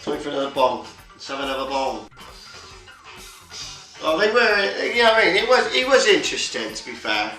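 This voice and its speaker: Sweary man, bright and roomy. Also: on the high side, big pitch swings, moderate pace, pauses often. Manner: sweary, rambling, colloquial. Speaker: livestream host. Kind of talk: casual chat. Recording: roomy echo, faint music behind.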